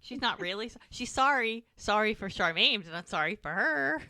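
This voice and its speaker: Bright-voiced woman podcast co-host. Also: mid-range voice, normal speed. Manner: animated, acts out characters' lines. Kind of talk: casual rewatch chat.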